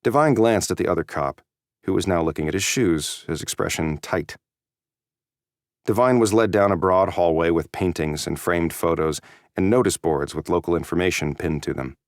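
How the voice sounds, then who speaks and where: A man giving a steady, measured scripted narration of an audiobook. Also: low voice, no echo, clean studio sound.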